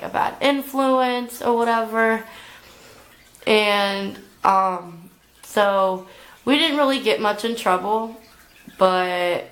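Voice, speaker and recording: A woman's voice: medium pitch, fairly bright tone, low-quality recording. A young adult woman telling a storytime vlog, rambling along with lots of filler "like"s. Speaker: vlogger.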